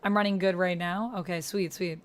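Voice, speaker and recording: A woman's voice: lowish voice, fairly even intonation, fairly quick, slight background noise. A woman streamer chatting casually during a gaming stream, reading viewer comments aloud and answering them supportively. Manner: encouraging, supportive. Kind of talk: casual live-stream chat while gaming.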